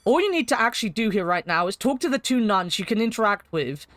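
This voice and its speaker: A woman's voice: mid-range voice, big pitch swings, fast talker, a bit bright, no room sound. A woman giving wry, chatty commentary in a retrospective video game review.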